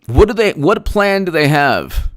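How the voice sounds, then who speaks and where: His voice sits on the high side with big swings in pitch, and he talks a little slowly. It's a solo political commentary full of rhetorical questions, restarts, fillers and derisive laughs, captured dry with clean studio sound.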